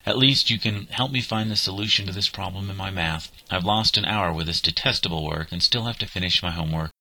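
An earnest, burdened schoolgirl who scolds and then steadies her younger brother, read by a man. The voice stays very deep and forceful, with a dry, close sound. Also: brisk, no echo, exaggerated voice. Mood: reproachful. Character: diligent, burdened schoolgirl, older sister.

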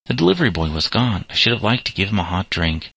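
A man reading the lines of a caring Christian mother in a storybook, earnest and gently reproving, in his own low voice. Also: very animated, quick pace, gravelly, slightly rough, no echo, full character voice. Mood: concerned.

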